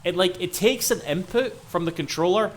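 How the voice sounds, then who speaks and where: A man's voice: high voice, normal speed. Swearing Scottish man streaming a game. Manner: chatty, swears freely while fretting over crashes. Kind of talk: casual gameplay commentary. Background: game music.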